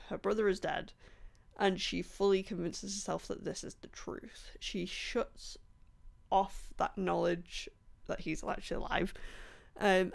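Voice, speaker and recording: A woman vlogging about books in a casual, rambling, enthusiastic way, with many ums and a voice going hoarse. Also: medium pitch. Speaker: book vlogger. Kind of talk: casual book review chat.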